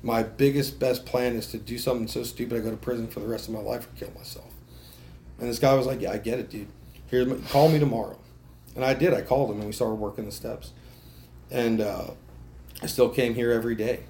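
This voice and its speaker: A man's voice: medium pitch, steady tone, a little fast, mellow, slight background noise. A man telling his recovery story to a meeting, casual, swearing a lot and laughing at himself between lines. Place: meeting room.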